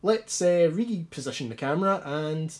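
A man's voice: a little high, animated, normal speed. Anxious man, rambling and self-deprecating, home demo video, filled with ums. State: anxious, stutters. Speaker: retro gaming youtuber. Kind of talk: casual hands-on demo.

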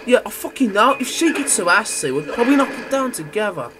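Excitable crude gamer. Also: male voice, high-pitched, quick pace. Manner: loud, crude, excitable outbursts. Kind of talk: gameplay commentary.

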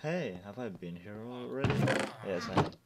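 A man's voice: lowish voice, animated, moderate pace, very noisy. A man giving let's play commentary as a gaming YouTuber, jumpy and talking back to the game characters.

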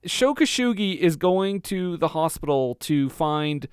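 Animated man with a lively voice. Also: a little high, a little slow, clean tone, dry recording, clean studio sound. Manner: animated, laughs often, lots of fillers. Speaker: podcast co-host. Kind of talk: casual chat.

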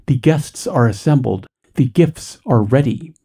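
A man's voice: mid-range voice, expressive, measured pace, dark tone, slightly rough. A man voicing a kindly older male feudal lord who speaks with stately grace. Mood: gracious.

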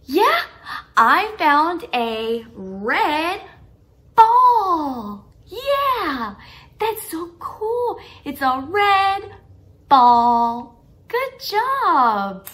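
A young woman speaks to toddlers in a high, lively voice that swoops up and down. She talks very slowly and brightly, in a sing-song, encouraging teacher's manner with gasps of delight. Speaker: children's teacher. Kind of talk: toddler learning video.

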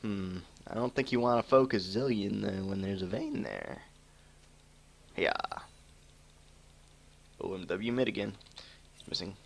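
Gravelly low man streaming a game. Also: lively intonation, measured pace, pauses often. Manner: joking, laughs often, mutters at the game. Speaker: gamer streaming a match. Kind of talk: casual live game commentary. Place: home room with keyboard typing.

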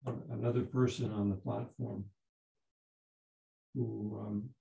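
A man in his seventies, a Zen teacher giving a dharma talk, telling a story in a halting way with many restarts. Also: on the low side, little pitch movement, creaky, mellow, muffled recording. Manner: halting, repeats words and restarts. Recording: roomy echo.

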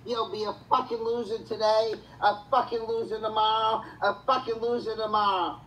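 A man in a furious livestream rant, spitting profanity and threats in a bright, piercing voice. He sits a little back from the mic, with a faint hiss of noise under him. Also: high voice, recorded from a distance, low-quality recording.

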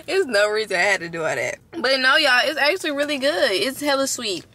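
A young woman vlogging casually to camera from inside her parked car, chatty and expressive, swearing freely and talking to her viewers as y'all. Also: high-pitched, fairly quick, hardly any pauses, a little hiss or hum. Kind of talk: casual vlog talk to camera.

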